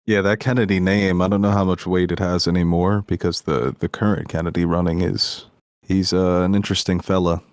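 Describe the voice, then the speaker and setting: Low-voiced podcast guy, dry close sound, cracking wry jokes. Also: little pitch movement, a little fast, no room sound. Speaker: podcast co-host. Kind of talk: casual film review chat.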